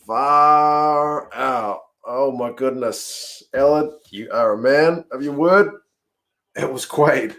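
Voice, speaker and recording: Excitable man commentating at home. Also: on the high side, takes it slowly. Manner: excitable, yells at the screen, chats with viewers. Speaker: watch-along host. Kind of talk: live-stream watch-along commentary. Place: home, in front of a TV.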